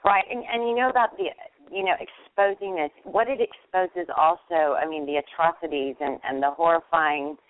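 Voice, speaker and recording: A woman's voice: lowish voice, moderate pace, no room sound. A woman calling in to a talk show, speaking in a heartfelt way and repeating words for emphasis. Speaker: caller. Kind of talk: casual call-in chat. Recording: dry phone line.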